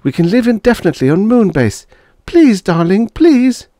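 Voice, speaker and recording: Frantic pleading young wife, pitched high, read by a man. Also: sing-song, normal speed, a little mellow, no room sound, studio quality. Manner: pleading, near screaming.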